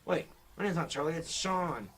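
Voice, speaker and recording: A man's voice: fairly high pitch, expressive, moderate pace, a bit bright, a little hiss or hum, pitched above the performer's own voice. A man voicing a foul-mouthed male ventriloquist puppet, rude and taunting in a raised voice. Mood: indignant.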